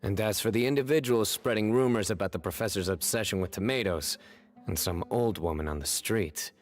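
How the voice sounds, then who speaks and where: Cyno, a man voicing a stern deadpan general. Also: fairly low pitch, a little fast, soft background music, lightly acted. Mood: dry. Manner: dry, stern, matter-of-fact. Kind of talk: game voice acting.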